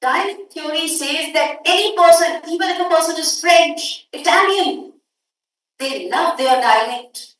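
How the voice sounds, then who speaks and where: A high-voiced woman with an Indian English accent teaches a workshop, emphatic and quick to quiz her listeners. Her voice carries through a big, echoing hall and is picked up from some way off the mic. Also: fairly bright tone. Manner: emphatic, questions the audience directly. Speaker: workshop lecturer. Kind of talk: academic workshop lecture. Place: conference hall. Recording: echoey hall, distant mic.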